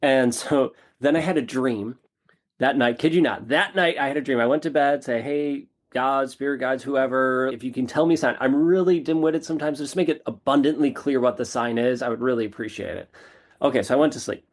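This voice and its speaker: A man of ordinary middle pitch talks as a podcast guest, recounting a personal turning point. He tells it in a casual, animated way, poking fun at himself and repeating lines for emphasis. His voice sits right in the middle range, neither deep nor high. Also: a little fast. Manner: animated, repetitive, self-deprecating storytelling. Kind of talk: casual storytelling interview.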